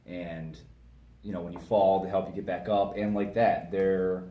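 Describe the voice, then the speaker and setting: A man co-hosting a casual chat, earnest and halting, full of fillers. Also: low voice, flat delivery, warm tone. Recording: echoey room with faint noise.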